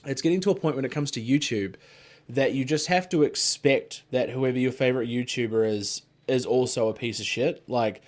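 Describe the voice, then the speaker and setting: A man talking loosely on a podcast, mid-pitched and rambling. He swears freely and leans on "like" and "you know" while he chats. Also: fairly quick. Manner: rambling, swears freely, frequent filler words. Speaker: podcast co-host. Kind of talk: casual chat.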